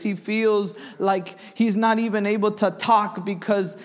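A man's voice: sits high, steady tone, moderate pace, few pauses, big-room sound. A young man preaching a sermon in church, reading scripture aloud and asking the congregation questions. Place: church sanctuary.

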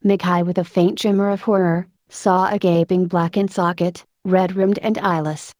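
A woman narrating a story in a steady, even storytelling manner. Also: lowish voice, moderate pace, no echo, clean studio sound. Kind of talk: audiobook narration.

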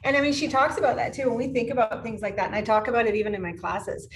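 A woman's voice: on the high side, fairly even intonation, rapid-fire, low-quality recording. A woman in her fifties with a slightly raised voice tells stories in an emotional, effusive way and laughs often. She speaks as a yoga teacher being interviewed. A faint hiss sits under the recording. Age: 50s. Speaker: yoga studio owner and teacher. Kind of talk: podcast interview.

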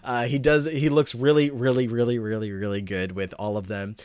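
A man's voice: medium pitch, steady tone, fairly quick, darkish tone, clear, resonant tone, no echo. A man co-hosting a podcast, recapping a TV episode in a rambling, filler-heavy way. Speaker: podcast co-host.

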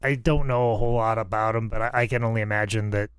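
A man's voice: lowish voice, steady tone, fast, smooth, no room sound. A man who wrestles, chatting casually on a podcast, rambling and swearing freely.

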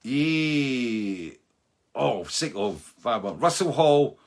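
A man's voice: medium pitch, lively intonation, very slow, darkish tone. A Scottish man in his sixties, a musician hosting a fan Q&A show, chatting casually and rambling with lots of asides. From Scotland. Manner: loose and chatty, full of fillers and asides.

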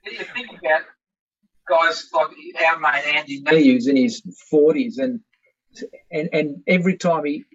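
A man hosting a casual conversation, talking quickly and chiming in with short agreements. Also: fairly high pitch, a bit bright, slightly rough. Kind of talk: casual chat. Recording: dry, dull lo-fi sound.

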